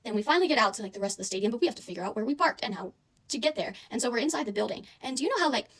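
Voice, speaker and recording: Young woman rattling off a wild story quick, super chatty, lots of "like". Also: fairly high pitch, husky. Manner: animated, chatty, lots of "like" and "I swear". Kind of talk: casual storytime monologue.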